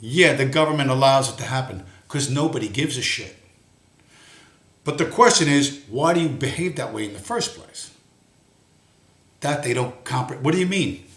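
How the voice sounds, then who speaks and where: A man's voice: mid-range voice, animated, normal speed, long pauses, a bit bright. A man hosting a livestream, giving an angry, profane monologue and swearing bluntly throughout. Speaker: livestream host. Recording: roomy echo.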